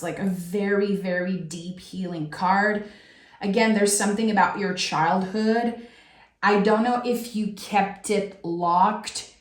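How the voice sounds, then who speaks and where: A woman with a French accent gives a soulful tarot reading, unhurried and reflective, breaking into restarts and a giggly lightness. Her mid-pitched voice carries in a roomy, echoing space. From France. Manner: giggly, talks with many restarts. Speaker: tarot reader.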